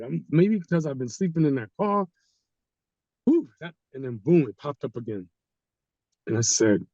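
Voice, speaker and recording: Guy spinning a story, acts out everyone he quotes, mellow voice, kinda muffled dry sound. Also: mid-range voice, normal speed, long pauses, no room sound. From Haitian community. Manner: animated, acts out quoted people. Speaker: guest storyteller. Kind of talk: casual storytelling. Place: studio.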